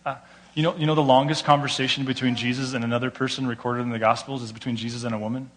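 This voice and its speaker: A man with an American accent preaching a sermon, telling stories with lively delivery and acting out the people he quotes. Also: mid-range voice, very fast. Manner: animated storytelling, acts out quoted voices. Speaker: pastor.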